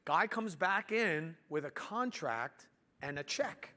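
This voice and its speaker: A man telling a business story in an animated way, acting out what people said to him. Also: a little high, takes it slowly. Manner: animated, acts out quotes. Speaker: business owner and speaker.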